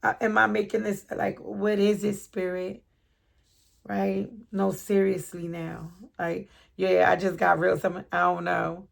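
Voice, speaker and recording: A middle-aged woman giving a spontaneous tarot reading, excitable and full of slang, laughing and breaking into snatches of song. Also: medium pitch, unhurried, vocal fry. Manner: excitable, laughing, slang-heavy, bursts into singing. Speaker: tarot reader.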